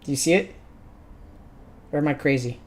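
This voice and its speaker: A man's voice: fairly high pitch, normal speed. A man streaming a video game, chatting casually and jokingly while swearing freely. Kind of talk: gaming livestream commentary.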